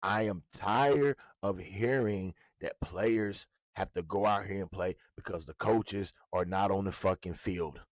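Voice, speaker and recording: A man's voice: low-pitched, measured pace, hardly any pauses, dry recording. A man ranting with profane, mocking, confrontational commentary about a football coach. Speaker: sports commentator.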